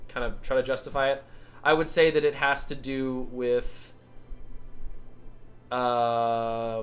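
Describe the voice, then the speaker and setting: A man's voice: medium pitch, a bit bright. A young American man chatting casually about a story he is writing. He rambles, fills his talk with "like", and mocks himself now and then. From United States. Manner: rambling, heavy use of "like", self-mocking asides. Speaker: writer describing his novel. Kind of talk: casual chat.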